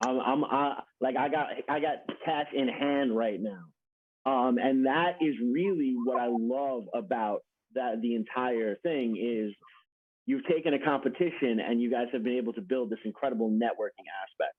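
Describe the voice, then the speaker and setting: A man hosts a casual conversation over a video call, talking in a friendly, rambling way and laughing easily. His pitch is mid-range. The audio is dry and thin, like a phone line. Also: normal speed, no echo. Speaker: host.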